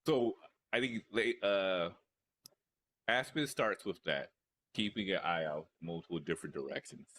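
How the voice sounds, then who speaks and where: Deep, slow-speaking male player. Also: fairly bright tone. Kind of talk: playing a tabletop game.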